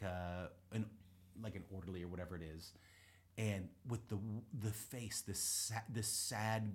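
A man in his forties, a guest on a comedy talk show, telling a story with animated delivery and acting out the people in it. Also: lowish voice. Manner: animated, acts out quoted people. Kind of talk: comic storytelling.

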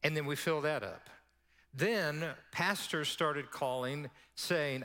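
A man's voice: fairly high pitch, takes it slowly, pushed and bright. A male pastor telling a story in a sermon, acting out the dialogue as he goes. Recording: long hall reverb.

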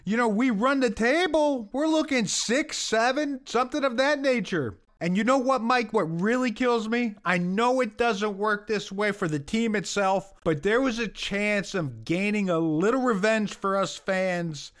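A man's voice: high voice, a little slow, hardly any pauses, a bit bright. A man co-hosting a sports podcast, commenting in a wry, sarcastic way. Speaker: podcast co-host. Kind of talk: casual sports podcast chat.

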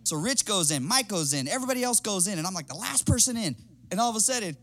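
A middle-aged man telling stories in casual chat as a podcast guest, animated and laughing, loudly acting out the people he quotes. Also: high voice, normal speed, dry recording. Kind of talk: casual storytelling.

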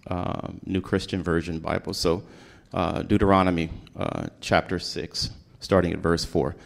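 A man's voice: sits low, flat delivery, gravelly. A man in his sixties preaching a folksy, emphatic sermon about fathers. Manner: emotional, pauses to compose himself.

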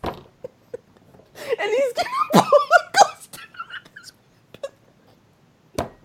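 A man's voice: very high-pitched, vocal fry. A man co-hosting a comedy podcast, riffing playfully with frequent laughter and acted-out scenes. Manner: giggly, animated, acts out scenes. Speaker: podcast co-host. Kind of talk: comedic casual podcast banter.

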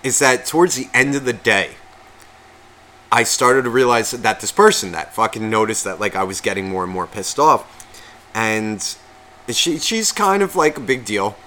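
Man, podcast co-host, swears constantly, tells stories, bright forceful voice. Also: mid-range voice, normal speed. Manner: animated storyteller, swears constantly. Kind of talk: casual chat.

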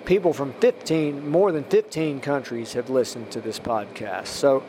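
A man's voice: medium pitch, moderate pace, warm tone, slight background noise. A man hosting a religious podcast, preaching emphatically and then praying over a long list of listeners. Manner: emphatic, rising to stress points, then praying through a list. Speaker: podcast host.

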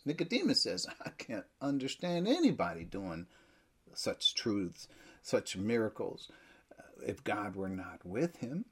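A man preaching a sermon, emphatic, with loud stresses that drop to near-whispers. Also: lowish voice, big pitch swings, unhurried, husky.

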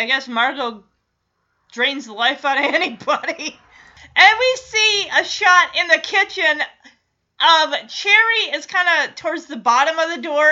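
A young woman recaps a TV episode with gossipy, teasing energy, laughing often in a casual, chatty way. Her voice is high-pitched, bright and forceful, and the audio is dull and lo-fi.

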